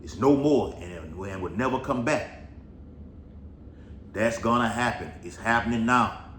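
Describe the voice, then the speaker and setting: A man's voice: mid-range voice, measured pace, fairly bright tone. Profane rambling man in an echoey room. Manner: rambling, profane, keeps saying "all right". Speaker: Bible prophecy commentator. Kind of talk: casual preaching commentary. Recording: echoey room with faint noise.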